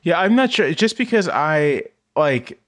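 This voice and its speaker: A man appearing as a guest on a movie podcast, talking in a measured, thoughtful way with fillers. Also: fairly high pitch, very animated, fairly bright tone, no room sound. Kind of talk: casual chat.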